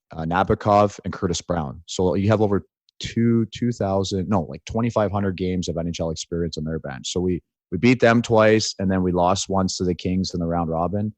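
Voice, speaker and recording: A man's voice: deep voice, a little mellow, no echo. A man co-hosting a podcast in casual chat, bantering and telling stories, with many "like"s and a "right?" at the end of lines. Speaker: podcast co-host.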